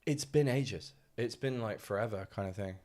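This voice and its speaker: A man co-hosting a podcast, telling stories in a casual, animated way, often mimicking other people's voices and laughing as he talks. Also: fairly low pitch, normal speed. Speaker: podcast co-host. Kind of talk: casual storytelling chat.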